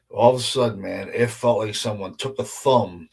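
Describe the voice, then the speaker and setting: A man's voice: fairly low pitch, moderate pace, vocal fry, a little mellow, husky. A man hosting a podcast in casual chat, emphatic and heavy on swearing and exclamations. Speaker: podcast host.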